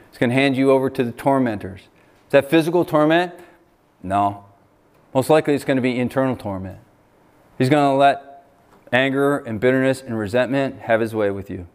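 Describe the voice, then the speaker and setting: American pastor preaching with emphasis. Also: male voice, medium pitch. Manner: preaching with rising emphasis and asides. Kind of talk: sermon.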